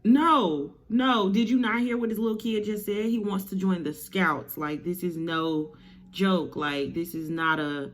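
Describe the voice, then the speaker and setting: A woman's voice: low voice, fairly even intonation, takes it slowly. A woman voicing a protective mother who protests emphatically. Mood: insistent. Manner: emphatic, insistent.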